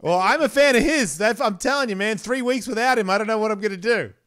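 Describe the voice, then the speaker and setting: Animated, crude-talking male podcast host. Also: high-pitched, quick pace. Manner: crude, animated storytelling with acted-out quotes. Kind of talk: casual chat.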